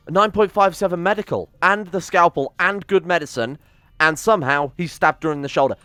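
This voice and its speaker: A man giving excitable let's-play commentary, swearing and bossing his colonists around, with faint music behind him. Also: fairly high pitch, fairly quick, clear, resonant tone, no room sound. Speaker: game streamer.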